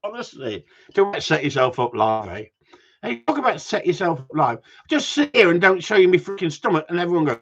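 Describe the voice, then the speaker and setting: Livestreaming casually, a middle-aged dog trainer talks in a blunt, rambling way full of profanity and jokes at his own expense. His husky voice is sing-song and a bit bright, swinging up and down in pitch at a brisk pace, over dull, lo-fi audio.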